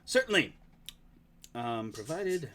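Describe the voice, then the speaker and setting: A man's voice: mid-range voice, sing-song, takes it slowly, pushed and bright, a little hiss or hum. A man running a tabletop game as game master, narrating and chatting in a meandering way with many fillers. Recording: faint music behind.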